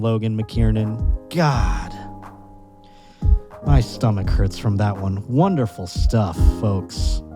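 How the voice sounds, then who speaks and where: A man hosting a comedy podcast, joking loudly and laughing often as he reacts to clips. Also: on the low side. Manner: loud, joking, laughs a lot. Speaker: podcast host.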